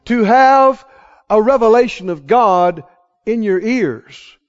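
A male preacher delivers a sermon with a high, sweeping voice that leaps up in excitement and drops to a hush. He keeps putting questions to his congregation. The recording sounds dull and lo-fi. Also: slow pace. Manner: dramatic, swings from loud exclaims to hushed low lines.

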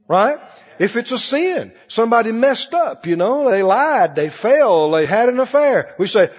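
In an extremely high, husky voice, this pastor delivers a very animated, unhurried sermon. He tells stories and swings his pitch up and down emphatically, captured on a dull lo-fi recording in an echoey hall.

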